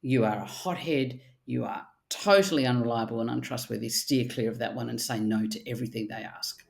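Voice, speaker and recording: A middle-aged woman, a therapist speaking in casual podcast chat, animated and blunt, with the odd swear word. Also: very deep voice, fairly quick, gravelly. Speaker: archetypal therapist guest.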